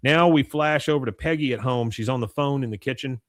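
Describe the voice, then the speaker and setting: A man's voice: mid-range voice, fairly quick, no echo, clean studio sound. Man chatty podcast host retelling a cartoon episode. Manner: storytelling, acts out quoted lines, frequent filler "uh". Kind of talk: casual episode recap.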